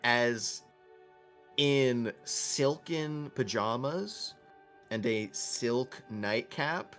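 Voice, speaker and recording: A man's voice: medium pitch, very slow, a bit bright, soft background music. A man narrating a tabletop game as game master, telling the scene vividly with laughs and swearing.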